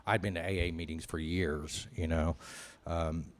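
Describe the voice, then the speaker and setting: A man's voice: a bass voice, steady tone, a little slow. A man telling his recovery story at a meeting, candid and rambling, with many "you know" fillers. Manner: candid, self-mocking. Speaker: AA speaker.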